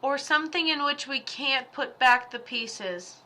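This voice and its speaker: A woman's voice: high-pitched, a little slow, bright, forceful tone. A woman giving casual livestream psychic readings, chatty and blunt, joking as she goes. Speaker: psychic medium.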